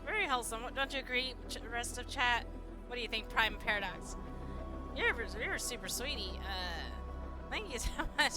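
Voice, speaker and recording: A woman's voice: on the high side, animated, normal speed. A woman streaming a game live, chatting with viewers and thanking them, stumbling as she reads aloud. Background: game music.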